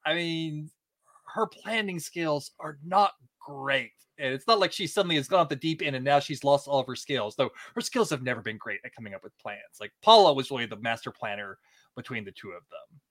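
A man's voice: brisk, dry recording. Chatty man with a dry close sound. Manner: animated, laughs often, quotes in high put-on voices. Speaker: podcast co-host. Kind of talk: casual chat.

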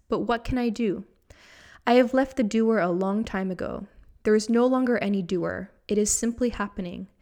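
A woman voicing an enlightened male master who calmly explains his own weeping in an earnest storyteller's way. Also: on the high side, lightly acted.

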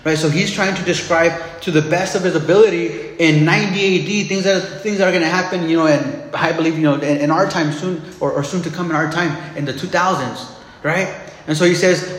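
Preaching man with a higher voice in an echoey hall. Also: fairly bright tone. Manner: conversational, fillers and repeated restarts. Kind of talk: sermon.

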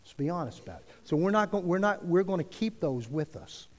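Male pastor, high animated delivery, earnest sermon, long church-hall reverb. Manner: earnest, preacherly rises and drops, slow emphatic phrasing. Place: church sanctuary.

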